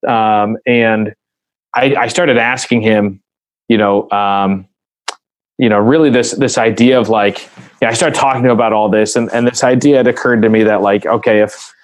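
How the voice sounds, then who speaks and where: Earnest low-voiced man telling a story. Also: fairly even intonation, normal speed, no room sound, low-quality recording. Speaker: podcast guest. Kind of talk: casual interview conversation.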